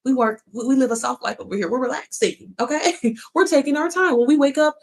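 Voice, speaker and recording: Woman, livestream host, rapid delivery, sassy, swears, laughs often, calls listeners sis. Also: high-pitched. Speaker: online business coach. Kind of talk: casual livestream chat.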